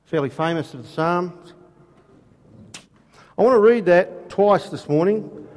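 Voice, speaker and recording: A man preaching a sermon, asking rhetorical questions and reading scripture slowly with emphasis. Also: a little high, darkish tone. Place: church hall. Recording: long hall reverb.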